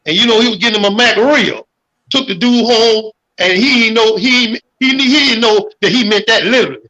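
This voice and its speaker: A man calling in to a livestream chat, talking in an animated, preachy way and swearing freely. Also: sits high, fairly quick, muffled recording. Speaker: guest caller.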